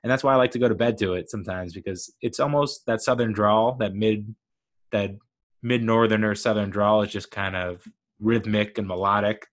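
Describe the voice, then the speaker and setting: A man's voice: fairly low pitch, fairly even intonation, normal speed. A man giving a casual, rambling spoken review of a TV show, enthusiastic and full of fillers like "uh" and "like".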